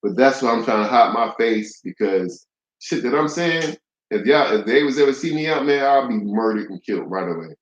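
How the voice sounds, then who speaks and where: A man's voice: medium pitch, animated, normal speed, lo-fi sound. Profane, heated man in an echoey room. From United States. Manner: blunt, profane and heated, with repeated restarts. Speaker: vlogger. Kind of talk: ranting monologue to camera.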